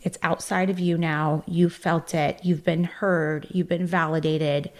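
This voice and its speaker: A woman's voice: deep voice, fairly even intonation, unhurried. A married woman hosting a self-help podcast, earnestly coaching listeners and speaking straight to them. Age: adult, married. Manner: earnest, encouraging, addresses the listener directly. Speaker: podcast host. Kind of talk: motivational self-help talk.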